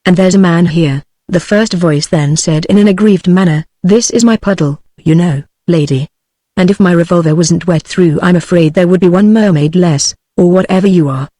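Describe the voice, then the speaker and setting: A text-to-speech woman's voice with a British English accent, reading a novel aloud in an even, steady way. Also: lowish voice, normal speed, no echo. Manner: even, steady synthetic delivery. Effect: synthetic text-to-speech voice. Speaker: audiobook narrator.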